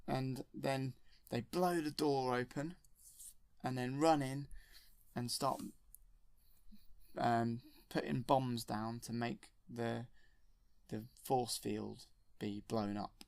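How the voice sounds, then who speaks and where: Rambling storyteller, gravelly edge, dry close sound. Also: male voice, mid-range voice, steady tone, takes it slowly, long pauses, darkish tone, no room sound. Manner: rambling and enthusiastic, with self-corrections. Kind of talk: retelling a film from memory.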